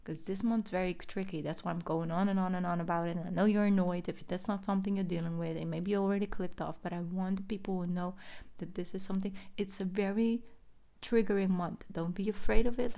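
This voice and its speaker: A young woman with a mid-range voice and a gravelly fry gives a relaxed, chatty tarot reading as a monologue. She soothes and reassures the listener, occasionally drifting into soft whispers.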